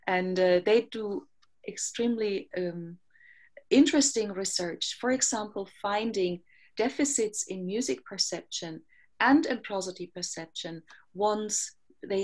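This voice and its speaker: A woman researcher delivers an academic lecture at a conference. She works through her points in a measured, explanatory way, with pitch in the middle range for a woman and frequent pauses to gather her thoughts. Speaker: researcher giving a conference talk.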